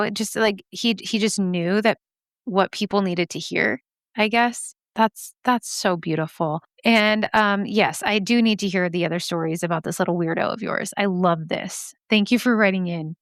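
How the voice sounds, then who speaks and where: A woman's voice: mid-range voice, moderate pace, fairly bright tone, dry recording. Woman podcast host, chatty, laughs a lot, casual swearing, dry close sound. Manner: chatty, laughs often, swears casually, reads quotes aloud. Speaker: podcast host reading listener mail. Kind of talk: casual podcast reading and commentary.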